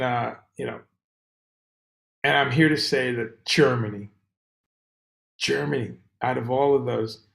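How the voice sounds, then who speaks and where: Man, livestream host, gravelly voice, slightly high pitch, rambling casual chat, echoey room. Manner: rambling, animated, greets viewers by name. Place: room on tour abroad.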